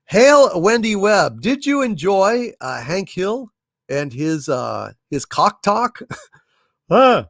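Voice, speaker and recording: A man's voice: high-pitched, slow, gravelly, no room sound, clean studio sound. A man hosting a casual live stream, telling jokes and reading viewer messages aloud. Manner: animated, reads viewer messages and tells jokes. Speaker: livestream host.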